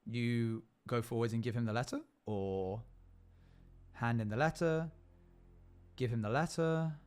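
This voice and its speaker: A man's voice: mid-range voice, darkish tone, clear, resonant tone. A man narrating a role-play game as a streamer, with frequent halts and fillers. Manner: halting, filler-heavy narration.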